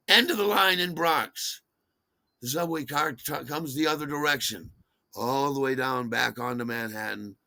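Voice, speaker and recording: A man voicing a worried calm woman partner. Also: medium pitch, creaky, no room sound.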